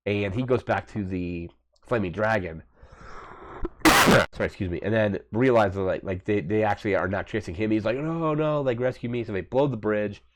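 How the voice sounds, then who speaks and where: A man with a notably deep, low voice recaps a movie in a loose, rambling way. He keeps circling back with filler words and restarts as he retells the plot. He sounds like a casual channel host talking straight to his viewers. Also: moderate pace, fairly bright tone, a little hiss or hum.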